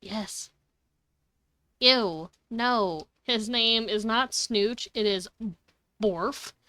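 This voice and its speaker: A woman's voice: a little high, drawn-out words, bright, forceful tone, dry recording. A woman streaming a video game live, chatting casually, giggling often and swearing freely. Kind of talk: casual live gaming commentary.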